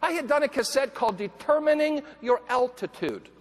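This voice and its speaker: A man giving a motivational keynote, telling a story with animated delivery, acting out the voices of people he quotes and breaking into shouts. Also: very high-pitched, a little fast. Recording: echoey hall, faint background noise.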